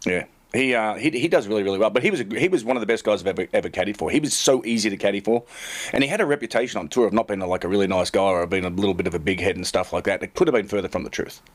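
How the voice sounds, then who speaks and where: A man's voice: lowish voice, racing. A middle-aged man, a tour caddy and co-host, telling rambling, self-mocking stories in casual chat full of fillers.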